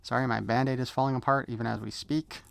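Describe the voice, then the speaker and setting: A man's voice: medium pitch, fairly even intonation, fast, creaky, smooth, no echo. A man doing a casual unboxing review of an action figure, rambling and correcting himself as he goes. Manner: rambling, self-correcting, easily sidetracked. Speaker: toy reviewer.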